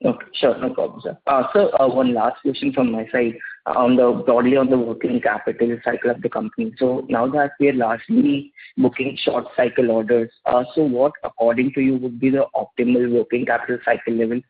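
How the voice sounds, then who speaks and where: A man's voice: medium pitch, brisk, few pauses, husky. A man with an Indian English accent, politely asking an analyst's questions on an earnings call. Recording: tinny phone line.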